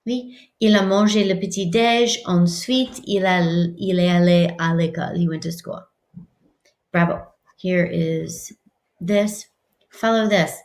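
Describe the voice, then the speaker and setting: A woman teaching a French class, talking casually in English and slowing down to model French words. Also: medium pitch. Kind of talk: classroom lesson. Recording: echoey room.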